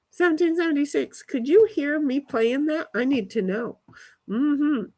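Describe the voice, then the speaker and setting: A woman's voice: high-pitched, measured pace, dark tone. A woman live streaming from her backyard, rambling casually to herself and her chat and swearing now and then. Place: backyard, outdoors.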